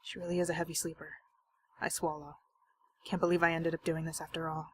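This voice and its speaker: A woman's voice: deep voice, flat delivery, fast talker, slight background noise. A young woman reading a visual novel aloud as a game streamer, with dramatic, jokey and panicky reactions.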